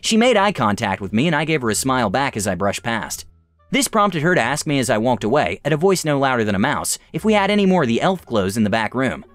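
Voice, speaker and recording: A young man reading online stories aloud with an animated, expressive delivery. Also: medium pitch, quick pace, dry recording, soft background music. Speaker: story reader.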